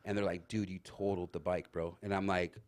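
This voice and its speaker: Low-voiced man telling rambling stories. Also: brisk. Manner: rambling, animated anecdotes with many fillers. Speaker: guest. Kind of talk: casual storytelling. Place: talk show studio.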